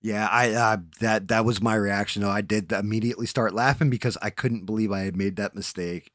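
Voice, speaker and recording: A man's voice: lowish voice, fairly even intonation, brisk, few pauses, a bit bright, no room sound, studio quality. A man hosting a casual live stream, rambling and swearing casually as he tells a story against himself.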